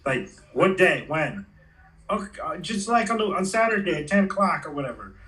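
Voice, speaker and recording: A man in his forties spins casual stories in a loose, slangy way, acting out other people's lines. His voice sits fairly high and sounds bright and forward. He is picked up from a little way off the mic. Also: sing-song, moderate pace, recorded from a distance, poor audio. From Los Angeles area. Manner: laid-back slangy storytelling, acts out quotes. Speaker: guest, former pro skateboarder. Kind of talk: casual storytelling interview.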